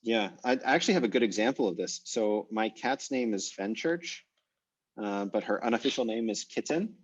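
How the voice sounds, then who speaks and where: A man's voice: lowish voice, expressive, moderate pace, breathy edge, recorded from a distance. A man teaching an online language class with an American accent, talking in a chatty, rambling way with many fillers. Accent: American English. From United States. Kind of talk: casual online class discussion. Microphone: video call. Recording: muffled video call audio.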